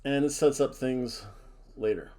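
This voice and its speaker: A man's voice: medium pitch, a little slow, mellow. A man hosting a casual wrestling predictions chat, jokey and theatrical, hamming up wrestler introductions. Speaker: wrestling show host.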